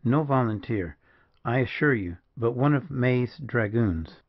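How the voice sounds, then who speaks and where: A man reading the part of a gallant, rough soldier who speaks gently but firmly. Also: mid-range voice, lively intonation, a little slow, dull audio. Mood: earnest.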